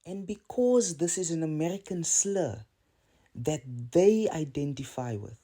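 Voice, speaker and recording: Earnest South African man, dark voice. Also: a little high, lively intonation, unhurried. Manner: earnest, rhetorical, drawing out repeated phrases. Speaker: video commentator. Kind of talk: casual opinion monologue.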